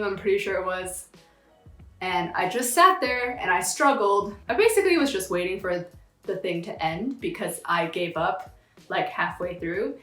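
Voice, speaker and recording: A young woman in a casual vlog, telling a story in a chatty, slangy, animated way. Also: fairly low pitch, echoey room. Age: young adult. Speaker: vlogger.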